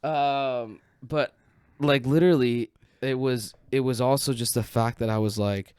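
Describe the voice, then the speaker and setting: A man on a podcast telling a story in casual chat, animated and profane, acting out what people said. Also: medium pitch, a little slow, clean tone, dry recording, studio quality. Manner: animated, profane, acts out quotes.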